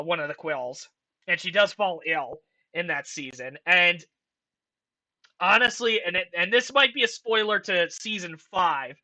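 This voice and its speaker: A young man giving casual, rambling commentary as a channel host, excitable and swearing often. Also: sits high. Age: young adult. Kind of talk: casual commentary ranking a franchise.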